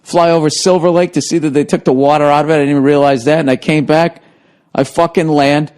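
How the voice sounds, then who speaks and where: A man's voice: a little high, steady tone, fast, darkish tone, clear, resonant tone. Profane man telling a laughing story. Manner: profane, laughs through his own story. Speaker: podcast host. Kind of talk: casual storytelling chat.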